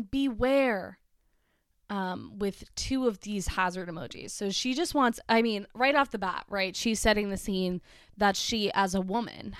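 A woman's voice: mid-range voice, no room sound, studio quality. A woman from Massachusetts telling a story in a chatty, sarcastic way with lots of fillers, reading out a post and reacting to it. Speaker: commentator reading a social media post. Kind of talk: casual storytime commentary.

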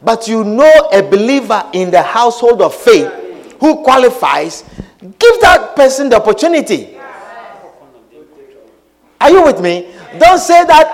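A man pastor preaching a sermon, calling questions out to the congregation, dropping into quiet asides and then shouting with laughter. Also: very high voice, big pitch swings, normal speed, poor audio. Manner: call-and-response preaching, asks the congregation questions; swings between quiet asides and shouted emphasis, laughing often. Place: church hall before a congregation. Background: congregation responding.

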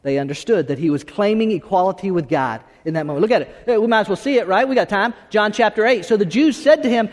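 A man preaching a sermon as pastor, talking in an animated, conversational way with many restarts. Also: sits high, quick pace, hardly any pauses. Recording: long hall reverb.

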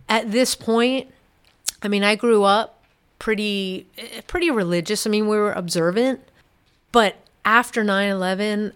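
A middle-aged woman, a podcast guest, giving an earnest, halting personal testimony in a quiet, reflective way. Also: mid-range voice, fairly even intonation, clear, resonant tone.

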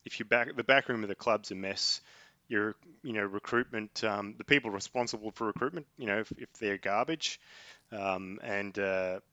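Aussie guy on a footy podcast, low but bright voice, lots of ums, dry sound. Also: normal speed, no room sound, dull audio. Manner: hesitant, many fillers and restarts. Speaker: podcast co-host. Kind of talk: casual sports chat.

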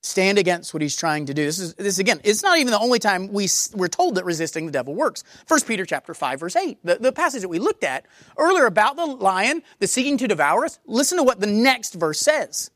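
A woman's voice: medium pitch, sing-song, a little fast, fairly bright tone, no echo, clean studio sound. A woman pastor preaching a sermon, emphatic and repeating key phrases for force.

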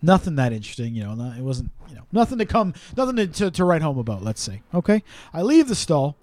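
Guy cohosting a podcast, jokey and sweary, kinda high voice, dry close sound. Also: sing-song, fast, darkish tone, no room sound. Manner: joking, profane, storytelling. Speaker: podcast co-host. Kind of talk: casual banter.

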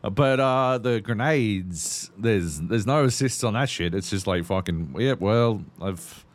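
A man with a fairly low, expressive voice co-hosts a podcast, talking a little slowly as he chats casually about games. He swears constantly and rambles through his stories.

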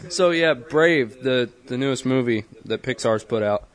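A young man from the Southern US chats casually as a podcast co-host, rambling from one subject to the next with plenty of jokes. His voice sits in an ordinary middle pitch. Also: moderate pace. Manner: joking, rambling, laughs often. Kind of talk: casual chat.

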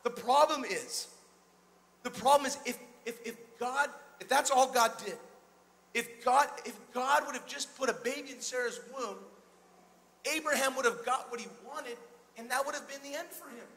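A male pastor preaching an energetic sermon in a church, calling out to the congregation and retelling scripture in a casual, conversational way. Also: very high voice, normal speed. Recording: long hall reverb.

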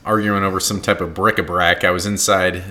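A man's voice: sits low, little pitch movement, fairly quick, sharp tone, slight background noise. A man co-hosting a podcast in a converted loft studio, talking in a playful, joking, rambling way. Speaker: podcast co-host. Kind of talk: casual chat.

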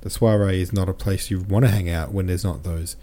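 A podcast host talking through a novel in a loose, rambling way. His voice sits low and has a dark, mellow tone. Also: fairly even intonation, brisk. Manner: rambling, conversational, reads listener comments aloud. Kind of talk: casual book discussion.

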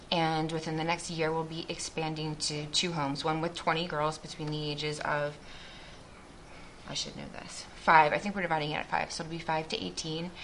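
A woman with a slightly low voice speaks to a group as a missionary. She shares her faith testimony earnestly and thoughtfully, often starting her sentences over. A faint background noise sits under her voice. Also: gravelly, a bit bright. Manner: earnest and reflective, with frequent restarts.

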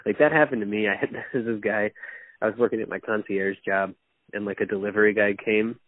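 Young man, husky voice, rambling and profane, tinny phone-like line. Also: on the low side, steady tone, a little fast, no room sound. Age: young adult. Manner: rambling storyteller, swears freely, laughs often. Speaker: podcast guest. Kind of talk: casual chat.

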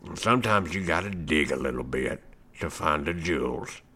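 A man's voice: rumbling low, expressive, moderate pace, pushed and bright, breathy edge, full character voice. A man putting on a folksy grump. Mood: ranting. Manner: folksy, grumbling, blustery. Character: gruff opinionated Southern man ranting about movies. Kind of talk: comedy bit on a podcast.

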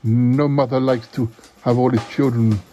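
A man's voice: mid-range voice, little pitch movement, normal speed, music in the background, lightly acted. A man voicing a timid, fretful male character who frets anxiously and keeps saying oh dear. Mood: shaken. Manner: anxious, dithering, lots of "oh dear". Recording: roomy, dull sound with loud noise.

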